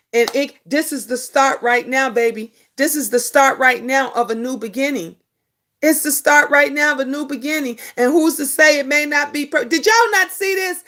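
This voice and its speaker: As host of a casual live stream, a middle-aged woman replies to viewer comments with emphatic, preachy repetition of her points. Her voice sits high and a bit bright, with slight background noise behind it.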